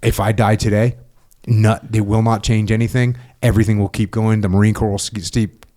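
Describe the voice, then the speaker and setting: A middle-aged man with a very low voice hosts a podcast conversation. He talks in a reflective, casual manner, often laughing at his own points. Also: flat delivery, fairly quick, dark tone. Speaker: podcast host, former military.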